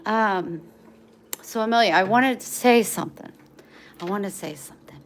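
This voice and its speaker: A woman vlogger in a casual home video, talking tenderly with frequent pauses and running short of breath. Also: medium pitch, a little hiss or hum. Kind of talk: casual home vlog, talking to her dogs and giving heartfelt advice.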